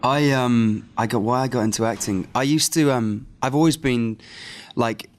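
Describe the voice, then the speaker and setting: A man's voice: mid-range voice, normal speed, a little hiss or hum. A young man, an actor giving a press junket interview in a loose, rambling way full of fillers.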